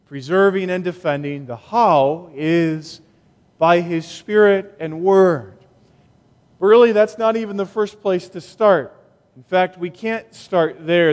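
A male pastor preaching a sermon in a slow, emphatic way with long pauses, in a church sanctuary. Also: high-pitched, long reverb tail.

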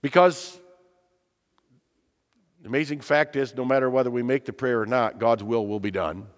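A man's voice: medium pitch, fairly even intonation, normal speed, big-room sound. A man preaching a sermon, earnest and emphatic, asking his listeners rhetorical questions. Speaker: pastor.

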